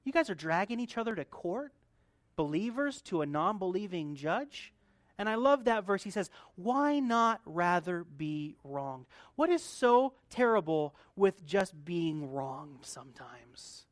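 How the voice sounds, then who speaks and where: A man's voice: high-pitched, expressive, a little slow, no echo. Conversational preaching man, dry sound. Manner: conversational, swings between soft asides and loud emphatic build-ups, laughs often. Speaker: pastor. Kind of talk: sermon.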